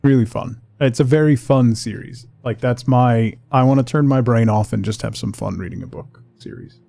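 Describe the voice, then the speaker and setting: A man chatting casually with his viewers while playing a game on a livestream, relaxed and rambling. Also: mid-range voice, normal speed, gravelly. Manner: relaxed, rambling, talks to chat. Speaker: streamer.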